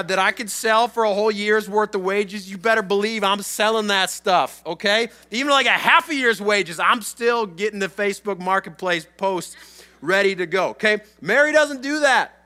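Bright, high-voiced man preaching a sermon. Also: moderate pace, soft background music. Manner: conversational, emphatic, asks the crowd "right?" and "okay?". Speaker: pastor.

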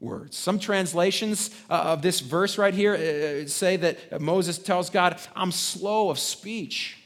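A man with a fairly high speaking voice preaches a sermon in a loose, conversational way. He restarts his phrases often and checks in with the congregation through tag questions. His delivery rises to loud, emphatic points and then drops away quietly. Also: takes it slowly. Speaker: pastor.

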